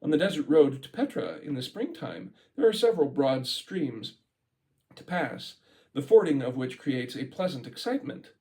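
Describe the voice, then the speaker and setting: Animated and on the high side, a man's voice with a darkish tone reads a book aloud at a moderate pace. The amateur reader keeps stopping to comment and laugh, and the recording is rough.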